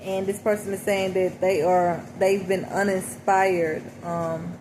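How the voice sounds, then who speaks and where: A woman's voice: medium pitch, level tone, a little slow, a little mellow, low-quality recording. A woman speaking in a casual, reflective way, interpreting song lyrics for her listeners and often checking in with "okay?". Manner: reflective, repeats "okay?" and "you know". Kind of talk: casual spoken reading. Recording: noticeable background noise.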